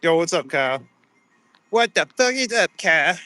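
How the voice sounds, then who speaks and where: This man's voice is a little high and swings widely in pitch, bright and forceful, at a moderate pace. He's live-streaming from his phone camera while strolling the streets at night, casually greeting and chatting with viewers and laughing readily. There's no room sound, just soft background music.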